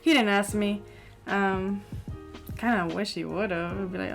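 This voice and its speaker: A woman's voice: medium pitch, fairly even intonation, unhurried, vocal fry, over music. A young woman co-hosting a podcast, telling a long story in casual chat with many fillers. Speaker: podcast co-host.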